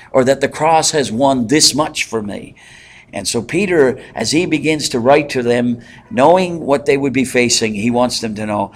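A man leading a Bible study in a conversational way, pausing with fillers and asking the group questions. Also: mid-range voice. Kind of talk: interactive Bible teaching.

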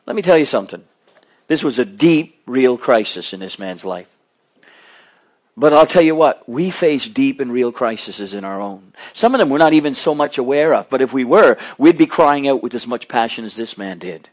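A man's voice: mid-range voice, lively intonation, normal speed. A middle-aged man preaching a sermon with impassioned delivery, rising to fervent pleading cries.

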